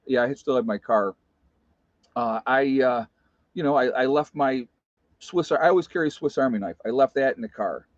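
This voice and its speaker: A man's voice: medium pitch, moderate pace, dry recording. Guy in his 50s rambling thru a story, lotta you knows, kinda dull dry recording. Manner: rambling, lots of "you know" and restarts. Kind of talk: casual storytelling monologue. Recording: dry, slightly dull sound.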